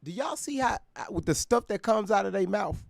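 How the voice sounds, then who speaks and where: A man's voice: sits high, animated, normal speed, creaky, no room sound, clean studio sound. Profane, mocking male commentary host. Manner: profane, mocking, laughs often. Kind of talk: casual reaction commentary.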